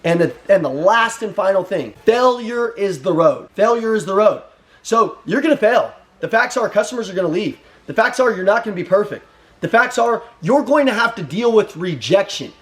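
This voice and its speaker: A man's voice: sits high, animated, a little fast. A young man giving a blunt, profane motivational pep talk as a sales trainer, firing off short repeated commands.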